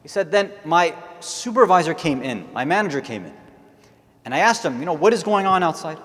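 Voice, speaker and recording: A man's voice: on the high side, lively intonation, a little fast, fairly bright tone. A man delivering a sermon, moving into an impassioned, mournful retelling. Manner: rising to impassioned, tearful recounting. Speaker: speaker at an Islamic centre. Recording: long hall reverb.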